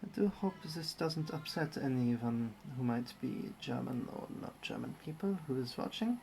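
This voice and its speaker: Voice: mid-range voice, lively intonation, moderate pace, gravelly, darkish tone, a little hiss or hum. Chatty streamer narrating a model build. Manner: chatty, wry, narrates each building step. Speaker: livestreamer building a model kit. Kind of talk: casual live-stream commentary.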